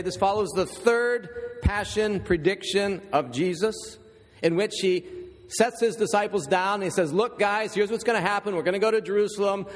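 A man preaching a sermon as pastor, reading scripture and telling stories with conversational asides to the congregation. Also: sits high. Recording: long reverb in a large hall.

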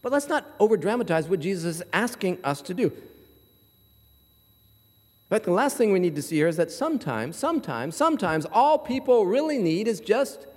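A man preaching a sermon as pastor, telling stories in an animated way and acting out the people in them. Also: high-pitched, normal speed, big-room sound. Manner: animated storytelling, acts out voices in his anecdotes.

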